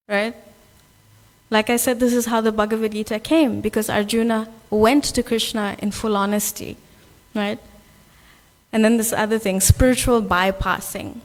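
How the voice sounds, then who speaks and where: A South African woman giving an earnest, conversational sermon at a Sunday temple gathering, often checking in with "right?". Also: fairly high pitch. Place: temple hall. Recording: long hall reverb.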